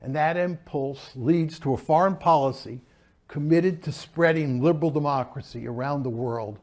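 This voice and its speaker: A man's voice: a little high, a little mellow. An older man from the United States giving an academic lecture, emphatic and shifting his pace for stress. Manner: emphatic, speeds up and slows down for stress.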